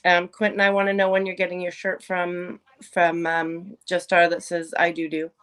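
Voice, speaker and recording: A woman's voice: on the low side, completely flat delivery, moderate pace, a bit bright, clean tone. A woman hosting a casual interview, asking questions in a teasing, playful way. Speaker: host.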